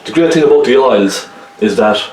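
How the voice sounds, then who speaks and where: A man's voice: medium pitch, lively intonation, normal speed, darkish tone, reverberant, far from the mic, a little hiss or hum, rough recording. A man with a Cork Irish accent giving a chatty painting lesson, often checking in with the viewer. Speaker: painting instructor. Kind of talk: casual painting tutorial.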